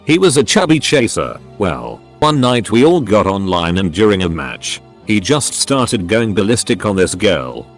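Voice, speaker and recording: A man narrating scripted funny online stories in a lively storytelling manner. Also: lowish voice.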